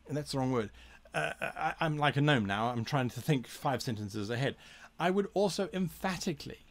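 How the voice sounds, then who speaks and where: A man hosting a tabletop game advice show, explaining casually to the camera in an animated way, with bursts of quick speech and frequent self-corrections. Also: medium pitch.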